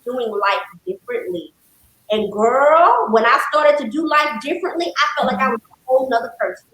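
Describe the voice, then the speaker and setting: Woman counselor telling her story, emphatic and animated, room echo on her. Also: high voice, normal speed, slight background noise. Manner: lively, calls the host "girl", speaks with emphasis. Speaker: licensed counselor, podcast guest. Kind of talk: casual conversational storytelling. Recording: roomy echo.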